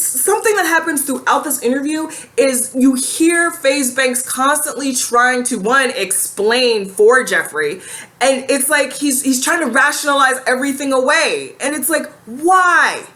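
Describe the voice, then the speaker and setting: A woman's voice: high-pitched, animated, normal speed, pushed and bright. A woman giving casual reaction commentary in a sassy, blunt way, firing off rhetorical questions.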